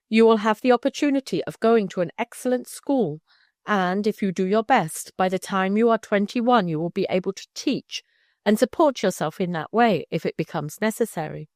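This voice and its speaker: A woman reading the part of a kindly older man who gently and earnestly persuades a young girl. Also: medium pitch, dry recording, studio quality, close to an everyday voice. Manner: warm, coaxing, persuasive.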